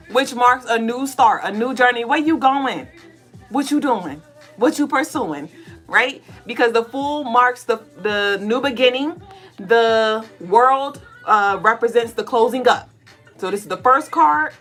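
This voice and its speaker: Middle-aged woman host, fairly high voice, blunt and preachy, faint music underneath. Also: lively intonation, measured pace, fairly bright tone. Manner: profane, preachy, playful, acts out listeners in mock voices. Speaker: spiritual podcast co-host giving a tarot reading. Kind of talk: casual, blunt spiritual pep talk.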